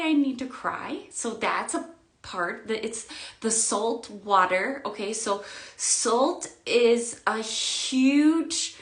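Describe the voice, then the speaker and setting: Emotional woman in an echoey room. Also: fairly high pitch. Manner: intense, swings between loud outbursts and quiet murmurs. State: emotional, near tears. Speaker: spiritual vlogger. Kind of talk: emotional spiritual monologue.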